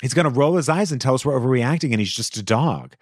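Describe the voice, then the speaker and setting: A man hosting an advice podcast, reading a listener's letter aloud with animated, expressive delivery and the odd aside. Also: mid-range voice, fast talker, dry recording, clean studio sound.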